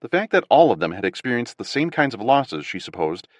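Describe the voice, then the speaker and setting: A male audiobook narrator reading with lively, animated pitch and a middle-range voice. The sound is dry and close, recorded on a studio mic with no room echo. His delivery is expressive and scripted. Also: a little fast.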